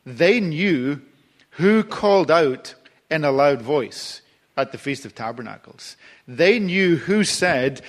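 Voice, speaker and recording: A man's voice: fairly high pitch, animated, a little slow. A male preacher giving a sermon in a conversational way, with frequent restarts and fillers.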